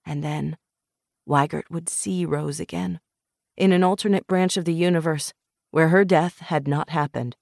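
A narrator reading a novel aloud in a measured, even manner, close to the microphone. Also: medium pitch, vocal fry, no room sound. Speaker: audiobook narrator. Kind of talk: scripted narration.

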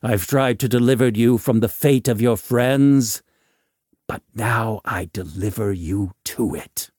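A man's voice: on the low side, measured pace, a little mellow, husky, no echo, clean studio sound. A man reading a horror story, putting on the voice of a menacing, unhinged man who keeps a corpse.

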